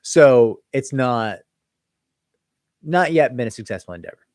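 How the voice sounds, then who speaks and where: Male lawyer host. Animated, conversational delivery. Dry, close sound. Reads comments aloud and answers them. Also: medium pitch, unhurried, no echo. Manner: conversational, loose, with frequent "like" and "right?". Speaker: employment attorney hosting a live Q&A. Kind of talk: casual livestream question-and-answer.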